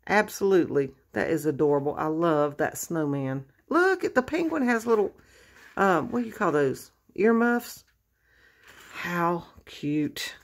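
A woman's voice: on the low side, big pitch swings, a little slow. A woman chatting casually on her crafting vlog, gushing with effusive exclamations as she opens a gift. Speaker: crafting vlogger opening happy mail. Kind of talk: casual unboxing chat.

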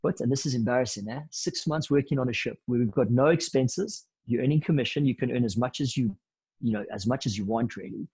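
A man in his thirties recounts stories as a podcast guest, slipping into easy slang as he goes. His voice is slightly husky and sits at an ordinary middle pitch, and his delivery stays lively and conversational. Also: fairly quick, rough recording. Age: 30s. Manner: lively anecdotal storyteller, casual slang. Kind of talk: storytelling in a podcast interview.

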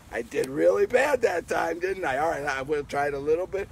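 A man who is a pastor, giving a playful, animated children's message outdoors in his garden at home. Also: on the high side, fairly quick, creaky, few pauses, slight background noise, low-quality recording. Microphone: handheld camera.

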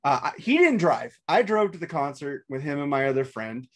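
A man's voice: on the high side, big pitch swings, fairly quick. Rambling, cursing man storyteller. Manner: rambling, swears a lot, restarts sentences. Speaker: podcast co-host. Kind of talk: casual chat.

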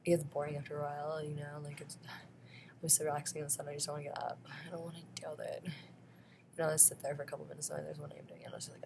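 Woman vlogging, low monotone voice, rambles and keeps laughing, noisy home recording. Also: fast, creaky. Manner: rambling, laughs often between phrases. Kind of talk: rambling to-camera monologue.

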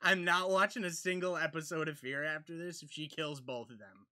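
A man hosting a reaction video, cursing and yelling angry outbursts at the screen between muttered commentary. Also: a little high, steady tone, fairly quick, few pauses.

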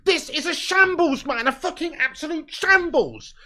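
A man's voice: extremely high pitch, animated, normal speed, sharp tone, slight background noise. A man reacting live to a football match as a fan, calling the play and swearing bitterly.

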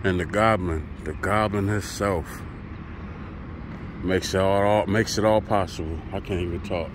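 Standing by a truck at a loading site, a male truck driver talks to camera in a casual vlog, relaxed and chatty with his viewers. He has a low-pitched voice, a steady tone, and a measured pace, and there's background noise.

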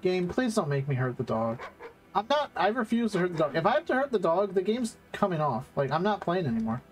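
A man's voice: sits high, sing-song, fairly quick, faint music behind. Young man streaming a game, swearing freely. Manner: swears often, reacts loudly, coos at a dog in the game. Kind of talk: casual let's-play commentary.

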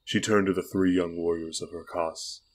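A man reading an audiobook aloud with steady, unhurried storytelling. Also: deep voice, poor audio. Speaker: audiobook reader. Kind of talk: audiobook narration.

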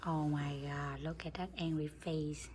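A woman's voice: deep voice, flat delivery, measured pace, darkish tone, a little hiss or hum. A woman at home, chatting and teasing about her pet cat. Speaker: cat owner. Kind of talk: casual home video chat.

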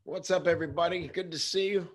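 A man's voice: sits high, steady tone, fast. A man hosting a casual livestream, greeting viewers by name in an upbeat way, saying he is losing his voice. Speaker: host. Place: indoors with natural light.

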